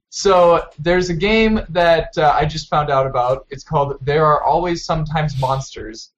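A man's voice: mid-range voice, lo-fi sound, a little hiss or hum. A young man co-hosting a casual gaming podcast, chatty and upbeat with some teasing. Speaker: podcast co-host. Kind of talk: casual chat.

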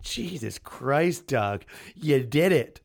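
A man's voice: on the high side, expressive, moderate pace, natural voice. Sarcastic dismissive woman, as a man puts her on. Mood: exasperated. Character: unbothered woman mocking her ex-husband.

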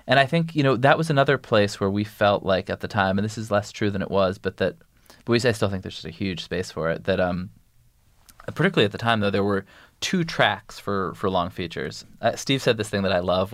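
A man's voice: low voice, dry recording. A man talking as an interview guest in a podcast, rambling and restarting his sentences as he explains things at length. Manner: rambling, self-interrupting, animated storytelling. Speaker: guest, news editor.

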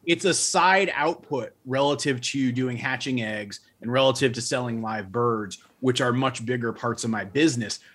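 A man's voice: mid-range voice, moderate pace, few pauses, a bit bright. A male farmer answering interview questions in a thoughtful, explanatory way, often restarting his sentences. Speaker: guest farmer.

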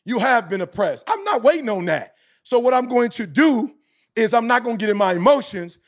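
A high-voiced man in his forties holds forth on a podcast like a motivational preacher. His delivery is emphatic and rhythmic, often swelling into near-shouts to hammer a point home. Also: very animated, brisk. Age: 40s. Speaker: motivational speaker, podcast host. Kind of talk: passionate podcast talk.

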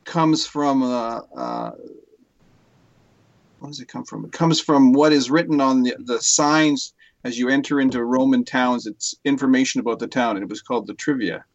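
A man's voice: mid-range voice, animated, moderate pace, no room sound. A man with a Canadian accent chatting as a podcast guest, hesitant with dry humor. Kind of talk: casual chat. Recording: slightly dull, muffled sound.

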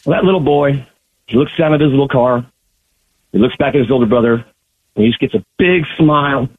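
A man calling in to a radio show, telling a long, drawn-out joke in a casual way. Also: mid-range voice. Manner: drawn-out storyteller. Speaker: caller. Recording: tinny phone line.

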